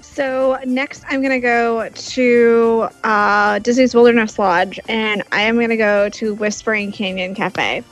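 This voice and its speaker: A woman's voice: fairly high pitch, steady tone, a little slow, hardly any pauses, faint music behind, low-quality recording. A woman on a casual podcast panel, enthusiastic and fond as she talks.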